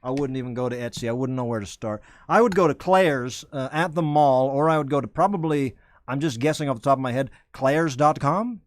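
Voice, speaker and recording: A man's voice: mid-range voice, a little fast, no room sound. A man hosting a comedy web show, rambling and self-correcting while hyping merchandise like a salesman. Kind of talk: rambling comedic live-stream chat.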